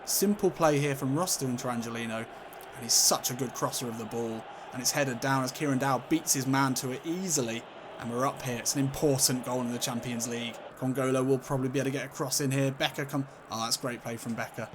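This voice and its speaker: A man commentating on his own football video game, casual and sweary, calling the play and getting loud on goals. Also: mid-range voice, steady tone, fast talker, background noise. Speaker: gaming commentator.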